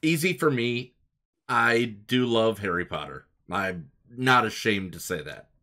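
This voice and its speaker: A man hosting a casual podcast, briskly reading out listener questions and moving the chat along. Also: on the low side, expressive, pushed and bright. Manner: brisk, moves the show along. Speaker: podcast host.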